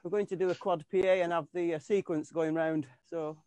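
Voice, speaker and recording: A man's voice: fairly high pitch, steady tone, fairly quick, dark tone, smooth, no room sound. A man, a tribute band keyboardist, chatting in an interview over a video call. He rambles and restarts often, with plenty of fillers. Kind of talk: casual interview chat.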